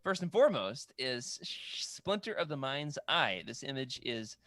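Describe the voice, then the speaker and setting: A man's voice: medium pitch, very animated, unhurried, pushed and bright, dry recording. A man co-hosting a casual chat, rambling and correcting himself as he stumbles over names. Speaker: podcast co-host. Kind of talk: casual chat about comic art books.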